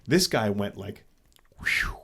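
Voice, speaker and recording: A man with a lowish voice, talking at normal speed, co-hosts a podcast. He tells a story in a casual, animated way, swearing often and frequently starting over.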